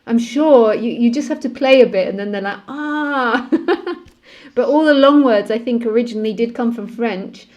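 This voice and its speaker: Woman, teacher type, higher, mellow tone, calm repetitive delivery. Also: normal speed, muffled recording. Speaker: spiritual teacher. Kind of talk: live-streamed one-on-one session.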